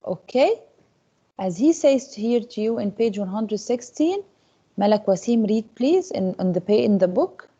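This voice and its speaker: A woman teacher speaks to her class in a mellow, slightly husky voice. She keeps checking in with the students with a coaxing "Okay?". The recording is dull and lo-fi. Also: mid-range voice, animated, measured pace. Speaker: English teacher.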